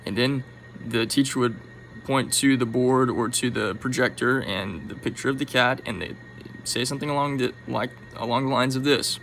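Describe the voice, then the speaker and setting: A man talking to camera in an animated, musing monologue, with sudden soft drops in his voice. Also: mid-range voice, normal speed, low-quality recording. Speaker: vlogger.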